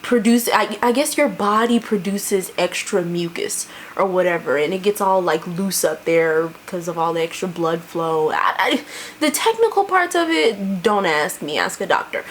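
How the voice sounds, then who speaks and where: A young woman talks to her camera at home in a loose, chatty vlog style. She laughs often and leans on "like" and "you know" as she goes. A faint hiss sits behind her voice. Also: mid-range voice. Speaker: vlogger. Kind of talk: casual chat to camera.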